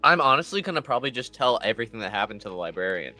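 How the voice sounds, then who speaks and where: Man, tabletop player, very lively swinging pitch, sarcastic, faint music behind. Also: racing. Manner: animated, sarcastic banter. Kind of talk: casual tabletop chat.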